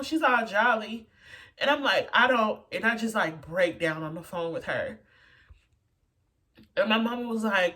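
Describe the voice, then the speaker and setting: A woman's voice: fairly low pitch, measured pace, pushed and bright. A woman telling a personal story in a casual way, full of "like" and "you know" fillers. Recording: voice a bit far from the mic.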